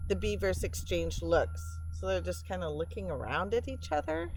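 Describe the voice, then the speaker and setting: A woman reading a storybook aloud to children, pausing to explain words and pictures in a gentle way. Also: lowish voice, big pitch swings, creaky, a little hiss or hum, poor audio.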